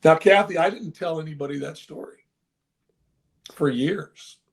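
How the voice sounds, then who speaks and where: An older man, a former baseball manager, telling an emotional story in an interview with earnest, animated delivery. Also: on the high side, a little slow. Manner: earnest, animated, with frequent restarts.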